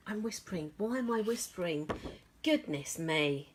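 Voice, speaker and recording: A woman demonstrating craft products in a casual vlog, bubbly and gushing, often laughing at her own excitement. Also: mid-range voice, moderate pace, a little hiss or hum. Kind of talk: casual show-and-tell vlog.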